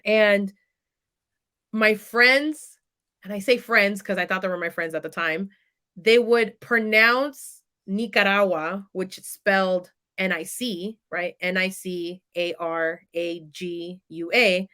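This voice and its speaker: A woman in her thirties from California speaks as a podcast guest. Her voice is bright and clear, and she tells her story in a casual, animated way. She often acts out the lines of the people she quotes. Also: mid-range voice, slow pace.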